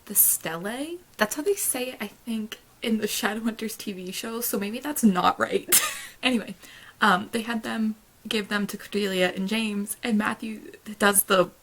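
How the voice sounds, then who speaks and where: A young woman chatting casually in a reading vlog, excitable and gushing, fretting aloud and laughing often. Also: mid-range voice, moderate pace. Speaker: book vlogger.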